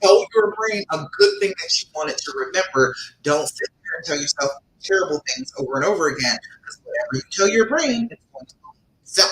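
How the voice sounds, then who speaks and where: A woman relationship coach talks live to her viewers, emphatic and full of laughter as she calls on them by name. Her voice is bright and swings widely in pitch. The sound is roomy and echoey. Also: very animated, fast, a little hiss or hum. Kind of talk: live-stream advice session.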